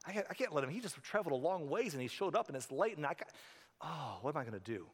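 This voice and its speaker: A man's voice: on the high side, very animated, fast, slightly rough. A preacher voicing a desperate man who begs his neighbor for bread at midnight, pleading and fretful, talking himself in circles. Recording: reverberant hall.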